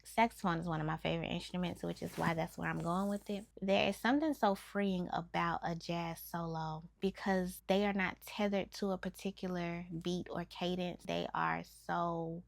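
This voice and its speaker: Host, young woman, lowish gravelly voice, eager teacher explaining verse, dry close recording. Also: fairly even intonation, moderate pace, hardly any pauses, dry recording. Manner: enthusiastic, teacherly, explains step by step. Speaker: host breaking down rap lyrics. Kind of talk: explanatory video lesson.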